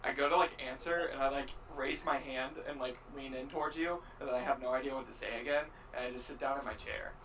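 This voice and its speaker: A man playing a tabletop game, talking in a rambling, animated way with many fillers. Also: mid-range voice, fast talker, few pauses, far from the mic, a little hiss or hum, low-quality recording. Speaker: player. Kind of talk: casual tabletop role-play.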